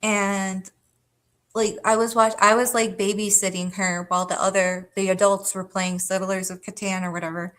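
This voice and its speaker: On a livestream, a woman rambles through a personal story to her chat, casual and profane, full of fillers and frequent laughter. Her voice is medium-pitched, level in tone and fairly bright, at normal speed.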